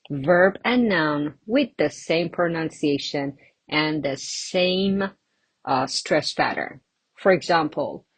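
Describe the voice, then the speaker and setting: A woman gives an English pronunciation lesson at a very unhurried pace. Her voice sits a little low and has a husky edge. She explains patiently, pausing between example words. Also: dry recording. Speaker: English teacher.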